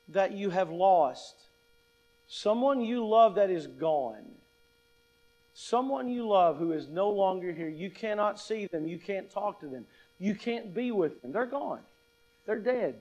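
A man's voice: high-pitched, darkish tone, highs cut off. A man preaching a sermon, talking to the congregation in a conversational way with many rhetorical questions and reading scripture aloud. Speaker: pastor.

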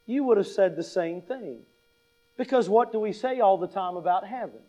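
High-voiced man preaching a sermon. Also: moderate pace, mellow, poor audio. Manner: emphatic, repeats key lines, asks the listeners questions. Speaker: pastor.

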